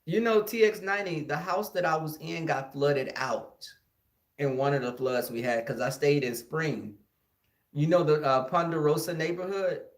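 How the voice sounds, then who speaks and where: Animated Texan man telling a story. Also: a little high, measured pace. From Houston, Texas. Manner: animated, addresses listeners as y'all, acts out the scenes. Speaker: podcast host. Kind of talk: casual storytelling. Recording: echoey room.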